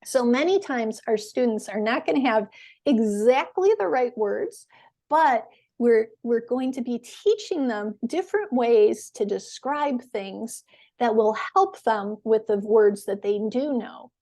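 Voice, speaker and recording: A woman teaching English in a webinar, explaining words slowly and patiently with clear stress. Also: on the high side, expressive, dark tone.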